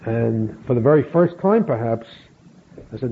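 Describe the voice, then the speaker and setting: A middle-aged man slowly telling a personal story, acting out bits of dialogue. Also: mid-range voice, lively intonation, vocal fry, husky. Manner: slow, measured storytelling with acted quotes. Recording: phone-like narrow sound with faint hiss.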